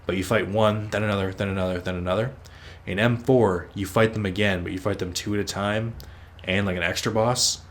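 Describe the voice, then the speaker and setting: A man's voice: on the low side, fairly even intonation, brisk, hardly any pauses. A man hosting a let's play, rambling casually as he plays, swearing freely and teasing himself. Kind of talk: casual gameplay commentary.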